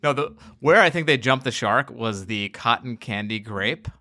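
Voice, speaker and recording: A man's voice: mid-range voice, lively intonation, moderate pace, sharp tone, no room sound, clean studio sound. A man hosting a podcast, bantering casually with jokes and chuckles. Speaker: podcast host. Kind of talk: casual chat.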